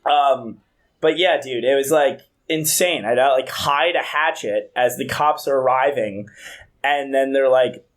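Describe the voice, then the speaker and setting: A man's voice: on the high side, animated, normal speed. A young man in his twenties co-hosting a podcast, telling a rambling, profane story in casual chat. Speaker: podcast co-host.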